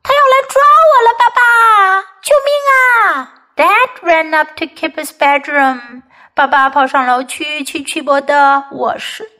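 A woman English teacher reading a children's picture book aloud, line by line in two languages, and talking to children directly. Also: high-pitched. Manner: animated, addresses children directly. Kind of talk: bilingual storybook reading for children.

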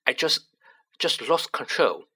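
A man's voice: medium pitch, very animated, slow pace, sharp tone, husky, exaggerated voice. A man voicing a modest, earnest teenage boy wizard who talks plainly and a little sheepishly.

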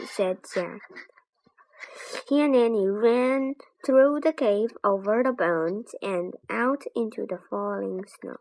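A woman reading a children's chapter book aloud as narrator, in slow, expressive storytelling. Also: medium pitch, poor audio.

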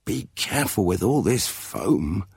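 A man voices a jolly, overconfident storybook dad close to his own low voice, cajoling and lively in tone. The voice is gravelly with creak and a touch husky, recorded dry and close. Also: a little slow, no echo, heavily acted. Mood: fussing.

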